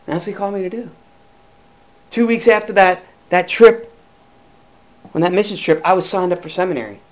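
A male pastor preaching a sermon, telling his own calling story with lively swings between hushed and loud delivery and frequent restarts. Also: high-pitched, a little fast. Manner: frequent restarts and repeated words. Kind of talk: sermon with personal testimony.

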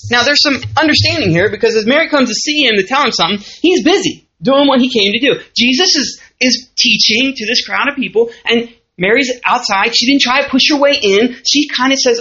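A woman with a Southern US accent teaches a church lesson in a conversational way, checking in with her listeners as she goes. Her voice is bright and rises and falls a lot. The recording sounds dull and muffled. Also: a little high, a little fast, few pauses. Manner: lively, conversational, asks the audience questions. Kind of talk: sermon.

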